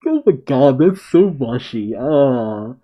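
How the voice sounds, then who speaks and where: A man's voice: mid-range voice, slow. A man reading a comic chapter aloud and reacting to it in casual commentary. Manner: animated, reads dialogue aloud and reacts. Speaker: manga reaction host. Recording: dull lo-fi sound.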